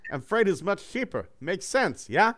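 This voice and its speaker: A man's voice: high-pitched, sing-song, moderate pace, a bit bright, pitched above the performer's own voice. A man reading the lines of a cheerful young male robot hero in a breezy, friendly, slightly boastful way. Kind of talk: reading a character's lines aloud.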